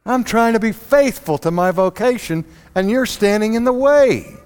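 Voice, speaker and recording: A man's voice: a little high, animated, unhurried, fairly bright tone. A man voicing an exasperated, resolute male apostle who pleads with his friends in rising exclamations.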